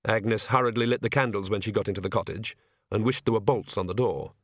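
A man reading an audiobook in a measured storytelling manner. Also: on the low side, no echo, clean studio sound. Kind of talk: audiobook narration.

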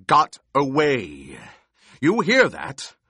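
A man's voice: medium pitch, wildly swooping pitch, drawn-out words, sharp tone, breathy edge, no echo, studio quality, pitched above the performer's own voice, exaggerated voice. A man voicing a cruel, mocking emperor who speaks in an imperious, purring, commanding way. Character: cruel, mocking male emperor on his throne.

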